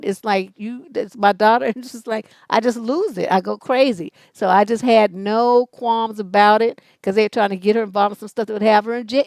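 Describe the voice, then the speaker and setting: A middle-aged woman hosts a live advice show, telling stories in a brash, profane, lively way. Her voice sits a bit high. The sound is dry and close. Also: dry recording. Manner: blunt, profane, animated storytelling with laughs. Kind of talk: live advice show, storytelling and reading questions.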